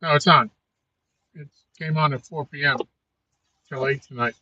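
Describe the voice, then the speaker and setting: A man chatting casually on a fishing live stream, laid-back with short answers and quiet asides. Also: fairly high pitch, steady tone, moderate pace, background noise. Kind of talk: casual chat. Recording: dull lo-fi sound.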